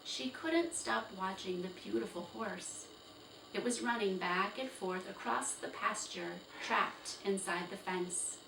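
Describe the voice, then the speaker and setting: A woman reading a children's chapter book aloud with slow, expressive storytelling. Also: medium pitch, creaky. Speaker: storybook reader. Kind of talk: children's read-aloud narration. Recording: roomy, distant, faint hiss.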